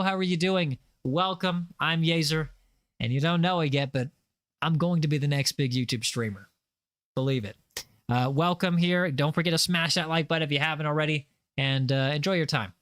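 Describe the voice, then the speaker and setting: A man's voice: on the high side, fairly bright tone, clean tone, no room sound, clean studio sound. A man chatting casually on a gaming livestream, rambling with lots of fillers and playful boasts. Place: home setup, lives in Los Angeles.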